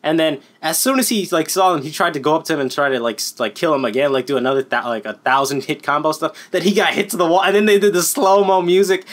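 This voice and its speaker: A man giving a casual, unscripted anime review, excitable and rambling, swearing constantly and filling gaps with "like.". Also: fairly high pitch, fast, hardly any pauses. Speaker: anime YouTuber.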